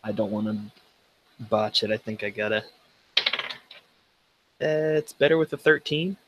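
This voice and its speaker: A man's voice: on the low side, measured pace, very noisy. A man playing a tabletop game, rambling and hedging as he explains his moves. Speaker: player. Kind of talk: casual tabletop game play.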